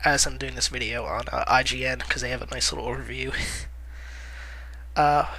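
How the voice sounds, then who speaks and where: Bright-voiced man rambling casually on camera. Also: mid-range voice, fairly even intonation, moderate pace, poor audio. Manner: rambling, frequent "uh" fillers, self-correcting. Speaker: movie news vlogger. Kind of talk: casual commentary.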